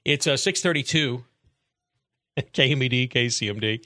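Sarcastic bright-voiced male radio host. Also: medium pitch, normal speed, no room sound, studio quality. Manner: sarcastic, emphatic, with mocking voices. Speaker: radio talk show host. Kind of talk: casual opinionated talk radio.

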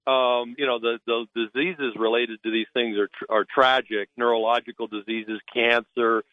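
A man's voice: medium pitch, little pitch movement, normal speed, no echo. Indignant man on a tinny phone line. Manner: indignant, blunt, mocks officials in put-on voices. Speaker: naturalist guest. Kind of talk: call-in radio talk.

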